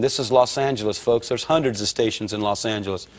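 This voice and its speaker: A man in middle age preaches to a congregation, telling a story from his own life with lively energy. He slips into the voices of his friends and himself as he goes, his tone rising as the story builds. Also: fairly low pitch, fast. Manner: animated storyteller who acts out quotes. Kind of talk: storytelling sermon.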